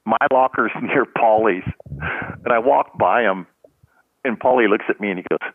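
A man's voice: fairly low pitch, moderate pace, slightly rough, no room sound. An older man, a retired sports trainer and guest on an interview show, tells rambling anecdotes full of "you know" and restarts. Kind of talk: casual storytelling in a podcast interview. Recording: tinny phone-like line, dry.

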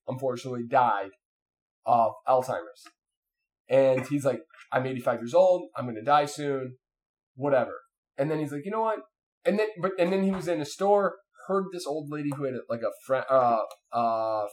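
A man in casual chat, telling a long story with lots of fillers and restarts. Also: mid-range voice. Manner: rambling, animated, many fillers and restarts.

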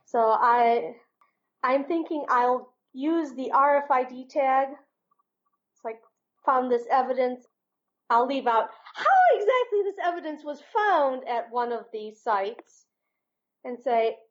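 A woman's voice: sits high, a little slow, highs cut off. A woman playing a tabletop role-playing game, planning her moves aloud with hesitant fillers. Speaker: player.

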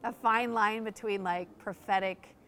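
A woman pastor speaks in relaxed, animated conversation. She tells stories with lots of fillers and brief put-on voices for the people in them. Her pitch sits in the middle of the range for a woman. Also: a little slow. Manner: lively, acts out quoted voices, frequent fillers. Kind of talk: animated storytelling in casual conversation.

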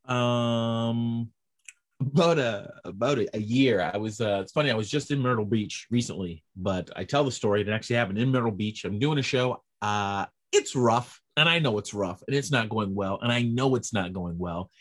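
A man's voice: mid-range voice, normal speed. A man, a stand-up comedian, telling stories in a casual chat and acting out the people in them. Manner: animated storyteller acting out quoted voices.

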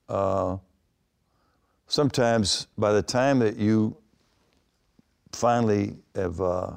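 A man's voice: fairly low pitch, creaky, darkish tone. An older man, a former baseball manager, telling long rambling anecdotes in an interview, with frequent restarts. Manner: rambling anecdotes with many restarts and acted quotes. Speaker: retired baseball manager, guest. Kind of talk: storytelling interview answers.

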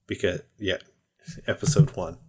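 A man's voice: low-pitched, flat delivery, moderate pace, a little mellow. A man with a Californian American accent, co-hosting a tabletop gaming podcast in loose, jokey casual chat with frequent laughs. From United States. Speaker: podcast co-host, dungeon master.

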